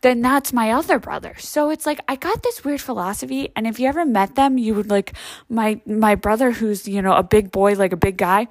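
A woman's voice: on the high side, brisk, dry recording. A woman in her thirties chatting casually and rambling, swearing freely and filling her talk with "like" and "you know.". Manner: rambling, profane, heavy use of "like" and "you know". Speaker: vlogger.

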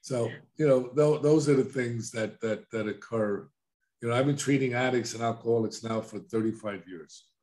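A man's voice: medium pitch, normal speed, a little mellow. An older man, an addiction counselor, speaking plainly in a casual interview and telling stories with quoted dialogue.

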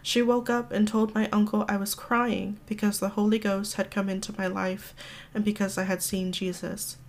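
A woman reading a memoir excerpt aloud for a podcast, in a steady, even way. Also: medium pitch, normal speed. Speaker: podcast reader.

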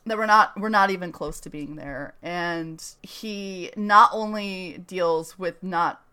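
A woman co-host muses over a series in an easy, meandering way and laughs readily. Her voice sits low for a woman. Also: slow pace, clear, resonant tone. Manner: relaxed, rambling commentary with ready laughter. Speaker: podcast co-host. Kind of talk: casual discussion.

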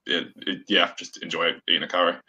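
A man with a very low yet bright, forward voice, guesting on a relaxed sports chat. He talks in a laid-back way and laughs easily. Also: fast talker, lo-fi sound. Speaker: guest, club team member. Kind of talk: casual interview.

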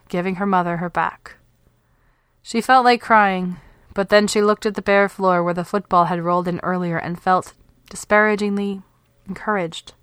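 A woman reads a literary short story aloud, measured and unhurried. Her voice sits at a middle pitch. The recording is dry and close, with no room sound. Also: fairly bright tone, smooth, no echo. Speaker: podcast host and story reader.

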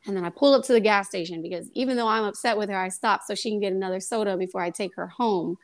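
A young woman, a guest on a faith podcast, tells a personal testimony in a lively, casual way and acts out the voices in her story. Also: mid-range voice, quick pace.

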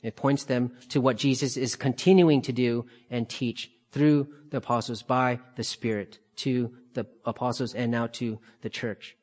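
A man teaching a Bible study, calmly explaining passages and repeating key phrases for emphasis. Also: mid-range voice, moderate pace, few pauses.

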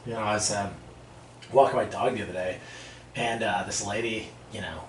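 This podcast guest, a man with a lowish voice, chats casually at a normal speed, telling lively stories, laughing through them, and performing the voices of the people in them. It was recorded in an echoey room from a distant mic, with a little background noise.

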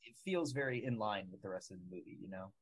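A man's voice: fairly low pitch, animated, quick pace, husky, no echo, low-quality recording. A man in a casual film podcast discussion, building longer analytical points about the characters.

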